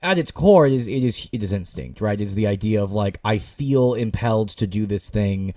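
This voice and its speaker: A man's voice: on the low side, moderate pace, dry recording, studio quality. Stammering, sarcastic man on a podcast. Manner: animated, stammering restarts, sarcastic quoted asides. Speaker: podcast co-host. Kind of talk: casual book-discussion chat.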